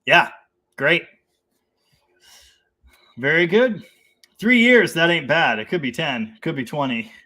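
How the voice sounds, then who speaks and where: A Canadian man hosts a casual live stream, reading viewer comments and riffing on them with easy laughter. His voice sits slightly high and sounds bright and forceful. He rambles excitedly from one idea to the next. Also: slow pace, long pauses.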